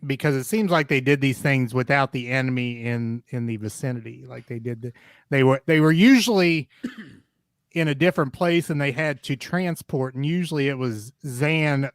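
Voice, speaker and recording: A man's voice: mid-range voice, normal speed, dry recording, studio quality. A man co-hosting a casual comedy podcast, talking with lots of hesitant fillers and laughing often. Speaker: podcast co-host. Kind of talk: casual chat.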